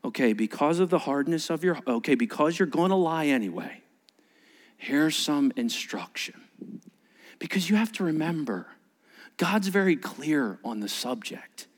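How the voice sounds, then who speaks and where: A male pastor preaching a sermon, acting out dialogue and swinging between loud bursts and hushed near-whispers. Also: on the high side, sing-song, measured pace.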